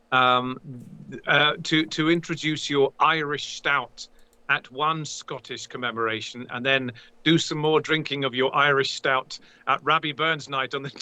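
A man joins a casual podcast chat, teasing the host as they banter. His voice is very bright and edged, lively in pitch. It sounds dry and near the mic. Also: no room sound.

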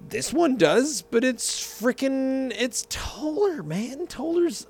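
Animated rambling man telling stories. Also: very high-pitched, slow, hardly any pauses, breathy edge. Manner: rambling, tangent-prone, self-correcting. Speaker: vlogger. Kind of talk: casual storytelling and beer tasting.

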